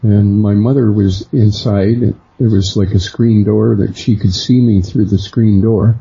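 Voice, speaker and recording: A middle-aged man, a guest on a radio interview, slowly recounting a personal experience and lifting his voice for the people he quotes. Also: fairly even intonation, vocal fry, dark tone, breathy edge. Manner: unhurried storyteller who acts out quoted voices higher. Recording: dull lo-fi sound.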